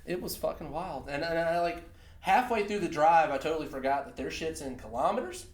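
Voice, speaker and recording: A man telling a road story on a casual podcast, full of swearing and laughter. His pitch swings widely as he acts out the scene. The room gives his voice a noticeable echo. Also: fairly quick. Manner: profane, animated storytelling, laughing often. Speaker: podcast co-host.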